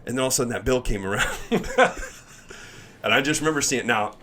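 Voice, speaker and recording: A man in his thirties, a former pitcher, telling a story in casual chat and acting out the other people's lines. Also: fast talker, slight background noise. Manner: animated storyteller, acts out voices, laughs while talking. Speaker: former pro baseball pitcher, podcast guest.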